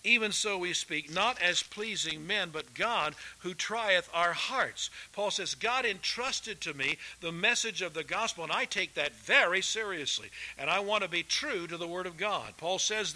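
A man preaching a sermon, rising loud for quotations and dropping low and quiet for folksy asides. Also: lively intonation, normal speed, hardly any pauses, poor audio. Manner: folksy, addresses listeners as folks. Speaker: pastor.

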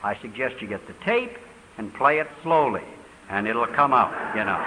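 An older man preaching in a question-and-answer session at a church, talking quickly with fervent emphasis. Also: mid-range voice, very animated. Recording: reverberant hall, faint hiss.

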